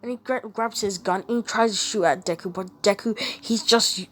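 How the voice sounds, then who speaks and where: A woman's voice: medium pitch, moderate pace, fairly bright tone. A woman casually retelling a made-up story, rambling and stringing events with quoted lines.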